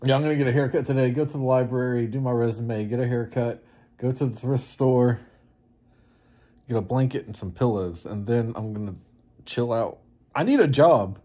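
A man's voice: mid-range voice, normal speed, dark tone. A man in a casual vlog, rambling and joking about himself as he goes about his day in a town in winter. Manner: rambling, self-mocking, chatty. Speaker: vlogger.

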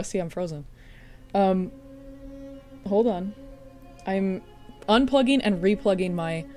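A woman's voice: on the low side, a little mellow. A woman streaming a game live, chatting casually with viewers, greeting them by name and teasing them with frequent laughs. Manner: playful teasing. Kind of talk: casual live-stream chat while gaming.

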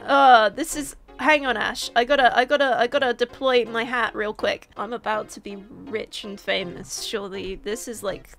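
A woman's voice: a little high, steady tone, normal speed, gravelly, hardly any pauses, a bit bright, soft background music. A young woman giving silly, theatrical commentary over a Minecraft video, often stumbling and restarting her words. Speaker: Minecraft YouTuber. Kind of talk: playful gameplay commentary.

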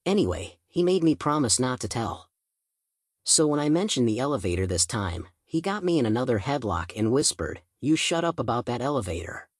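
A man narrates an audiobook in the first person, relaxed and chatty like a teenager telling a story. His voice sits in a middle range, and the recording is dry and close, with no room echo. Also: medium pitch, moderate pace. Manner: casual teen-style storytelling.

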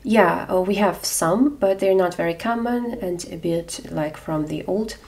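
A woman with a Ukrainian accent teaching a beginner language lesson, repeating words slowly and clearly for learners. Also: on the low side, a little mellow, distant mic.

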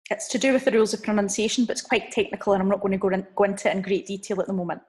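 A woman teaching a recorded lesson, saying each number slowly and clearly for her learners to repeat. She stops often to explain and to check in with a gentle "okay?" Her pitch sits in an ordinary middle range. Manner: slow, drawn-out drill of numbers with frequent "okay?" check-ins. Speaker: language teacher.

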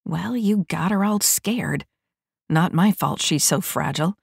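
A woman's voice: on the low side, a little slow, gravelly, breathy edge, no echo, studio quality, heavily acted. Woman doing a brash cocky mech squad leader. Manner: brash, swaggering, crude banter.

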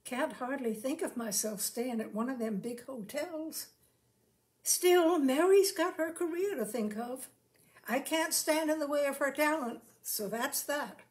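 A woman's voice: high voice, measured pace, voice pushed up. A woman voicing a shy, polite young man who travels as a showman, speaking in rustic, folksy turns of phrase.

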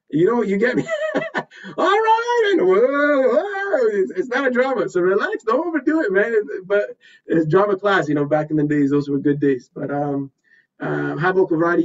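A man teaching a presentation skills workshop in an energetic, repetitive way, often checking in with "right?". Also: a little high. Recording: distant, slightly dull recording.

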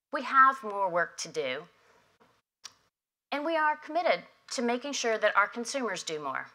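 A woman delivering prepared opening remarks at a conference, measured and emphatic, at a podium microphone. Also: medium pitch, bright, forceful tone. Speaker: industry association head giving opening remarks. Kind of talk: prepared keynote speech. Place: conference hall.

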